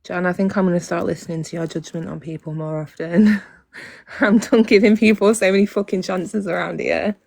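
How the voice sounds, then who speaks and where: Casual female stream host, lowish voice, dry sound, blunt and profane. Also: steady tone, moderate pace, vocal fry, darkish tone, no room sound. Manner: blunt, profane, talks straight to her viewers. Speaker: livestream host. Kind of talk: casual livestream chat.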